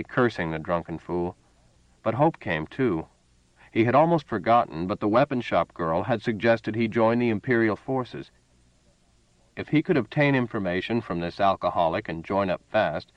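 A man narrating a story in a steady, measured reading voice. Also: on the low side, no echo, highs cut off. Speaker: audiobook narrator. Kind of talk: scripted narration.

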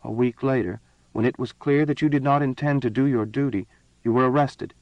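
A man voicing a proud, impatient young empress in an audiobook reading, speaking higher and more commandingly than his own voice. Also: steady tone, fairly quick, no echo, dull audio, natural voice. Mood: imperious. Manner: raised pitch, commanding and cutting.

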